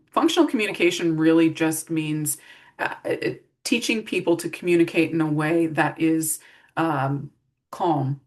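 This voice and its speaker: A middle-aged woman giving a casual training talk to care staff, walking through practical strategies and acting out example phrases. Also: lowish voice. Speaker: behavior support trainer. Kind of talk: recorded staff training presentation.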